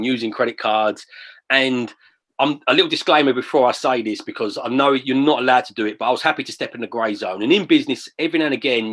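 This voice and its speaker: Bloke chatting about deals, bright forceful voice, animated storyteller. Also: male voice, mid-range voice. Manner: chatty, animated, acts out quoted phone calls. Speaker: property investor guest. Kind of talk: casual interview storytelling.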